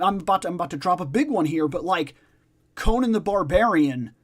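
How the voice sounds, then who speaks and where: Emphatic, swearing man ranting casually. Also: sits high. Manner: emphatic, profane, repeats points for stress. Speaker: podcast host. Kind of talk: casual discussion chat.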